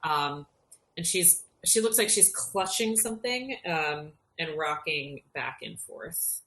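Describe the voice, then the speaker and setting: A woman narrating as dungeon master in an unhurried, descriptive way with many fillers. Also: low-pitched, lively intonation, bright, forceful tone. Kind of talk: narrating a tabletop game.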